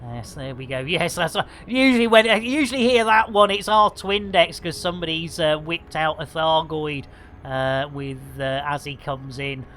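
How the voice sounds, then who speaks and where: A man's voice: fairly high pitch, normal speed, sharp tone, slight background noise. A man commentating his live game stream with jokey, punning banter for his viewers.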